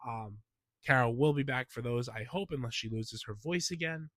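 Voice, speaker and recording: A man's voice: medium pitch, moderate pace, a bit bright, no room sound. A man hosting a podcast in a casual, opinionated monologue, sounding stuffy from a cold and throwing in emphatic asides. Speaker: podcast host.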